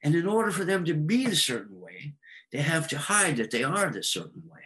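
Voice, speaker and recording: A man in loose, rambling conversation as an astrology guest. He fills pauses with ums and uhs and slips into little stories to make a point. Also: a little high, sing-song, pushed and bright, rough recording. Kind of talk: casual explanatory conversation.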